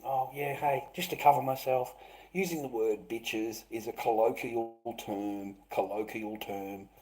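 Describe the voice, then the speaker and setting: A man hosting a live stream, rambling and swearing, who swings between loud outbursts and low muttering. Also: steady tone, unhurried, low-quality recording. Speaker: livestream host.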